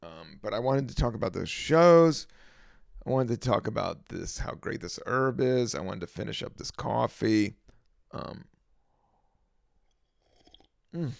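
A relaxed man with a gravelly, heavily creaky voice drifts from thought to thought in a loose podcast monologue. He leans on fillers and restarts. The sound is close and dry, with no room around it. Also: fairly low pitch, moderate pace, no room sound. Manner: relaxed, meandering, lots of fillers. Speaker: podcast host and stand-up comedian. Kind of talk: casual rambling monologue.

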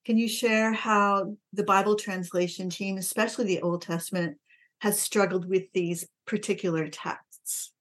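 A woman's voice: medium pitch, fairly even intonation, normal speed. Encouraging woman interviewer. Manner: affirming, encouraging. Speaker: interviewer, host. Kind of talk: interview questions.

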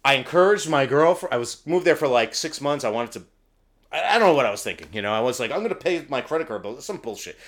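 Loud, fast-talking, animated man. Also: mid-range voice. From New Jersey. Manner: loud, excitable, swears a lot. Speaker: podcast guest, comic book artist. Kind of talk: casual chat.

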